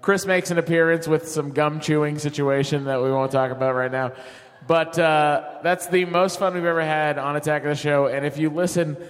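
A man co-hosting a live podcast on stage, telling excited, jokey anecdotes. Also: fairly high pitch, moderate pace. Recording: theater reverb.

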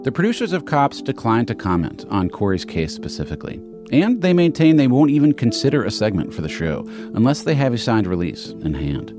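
A man's voice: medium pitch, sing-song, brisk, music in the background. A man hosting an investigative podcast, telling the story in scripted narration with pointed emphasis. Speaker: podcast host and reporter.

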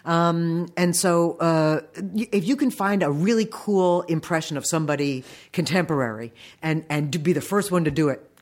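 An experienced animation voice director in middle age, talking in an emphatic, lively way. Gives practical advice in an interview. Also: mid-range voice, moderate pace, few pauses.

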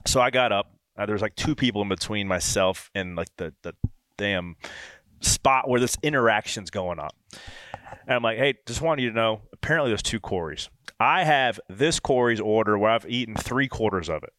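A man hosting a podcast, telling a casual story with lively quoted dialogue. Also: lowish voice, normal speed, no echo, studio quality. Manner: animated anecdote with quoted dialogue. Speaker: podcast host.

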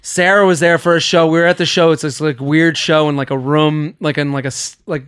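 A man's voice: on the high side, brisk, clean tone. A young man hosting a podcast, telling stories in a casual chat and acting out the people he quotes, swearing freely. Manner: animated storyteller, acts out quotes, swears freely. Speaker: podcast host.

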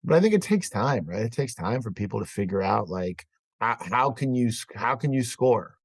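A man telling stories as a podcast guest, casual and profane, riffing with animated energy. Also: medium pitch, moderate pace, slightly rough, no echo. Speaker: guest actor. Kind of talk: casual podcast chat, storytelling.

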